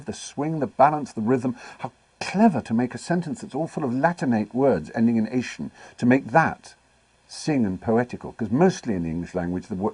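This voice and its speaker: Middle-aged man, very low husky voice, dry close sound, articulate raconteur with wry asides. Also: dark tone, no echo. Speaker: interview guest. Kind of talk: anecdotal interview storytelling.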